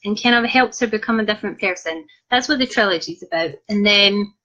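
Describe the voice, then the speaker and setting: A woman's voice: medium pitch, brisk, pushed and bright. A young woman author chatting in a cheeky, self-mocking way as she reads out viewer comments on a live video. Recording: dull lo-fi live stream audio.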